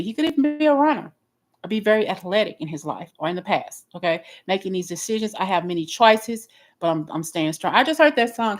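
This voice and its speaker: A woman giving a live tarot reading in a blunt, expressive way, often restarting her sentences. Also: mid-range voice, a little fast, poor audio. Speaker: tarot reader.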